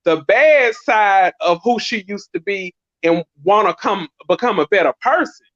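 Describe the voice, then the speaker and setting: A woman's voice: medium pitch, lively intonation, unhurried, no room sound. A middle-aged woman on a live-stream panel. She talks in a reflective, earnest way with long winding turns. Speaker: panel guest. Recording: dull, dry lo-fi stream audio.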